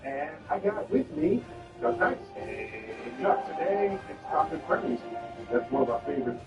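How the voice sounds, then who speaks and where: Lively playful male host, distant echo. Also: a little high, moderate pace. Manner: playful, joking, animated. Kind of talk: casual chat. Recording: distant echoey lo-fi audio with music.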